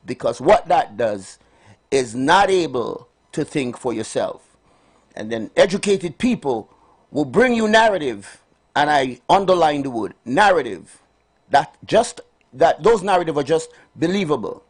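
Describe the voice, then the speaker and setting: A man's voice: fairly high pitch, very animated, unhurried, husky. A man hosting a live morning radio health show, calling out cheerful greetings and giving preachy asides. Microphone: studio microphone.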